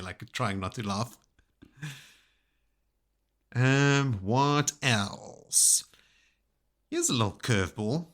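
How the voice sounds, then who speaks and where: Low-pitched, bright-toned man chatting about a book. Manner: chatty, quotes passages in an animated way. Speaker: podcast co-host. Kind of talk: casual book discussion.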